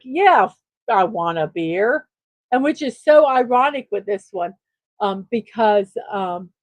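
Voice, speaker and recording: High-voiced woman chatting on a livestream. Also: no room sound. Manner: chuckles at her own jokes, chatty and upbeat. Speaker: livestream show host. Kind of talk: casual livestream chat reading memes.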